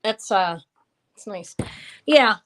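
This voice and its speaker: A woman in her fifties runs a live jewelry sale in a loose, rambling way. She drifts between describing necklaces and chatting with her viewers, thanking them as she goes. Her pitch sits in an ordinary middle range. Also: lively intonation, slow pace. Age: 50s. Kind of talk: casual live-stream sales chat.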